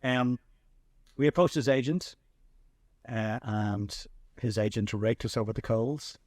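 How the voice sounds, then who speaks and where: An Irish man hosting a podcast, telling animated anecdotes in a casual chat with frequent restarts. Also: mid-range voice, measured pace, dry recording, studio quality. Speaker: podcast host and filmmaker.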